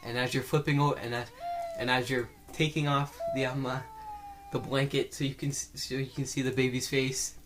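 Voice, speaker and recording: A young man co-hosting a podcast, telling an absurd improvised story in an excitable, stammering way. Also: medium pitch, moderate pace. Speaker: podcast co-host.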